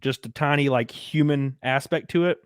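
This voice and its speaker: This is a young Southern podcaster in casual conversation, crude and rambling, frequently starting over. His smooth voice is medium-pitched at an ordinary pace, and the studio-quality recording has no echo.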